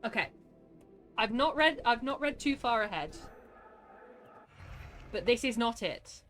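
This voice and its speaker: A woman streaming a game live, grumbling and exasperated, quick to laugh at herself. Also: a little high, lively intonation, a bit bright, faint music behind.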